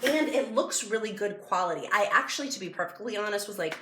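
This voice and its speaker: A woman vlogger chatting casually at home through an unboxing, gushing and excitable as she talks. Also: mid-range voice, quick pace. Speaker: product review vlogger. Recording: echoey room with background noise.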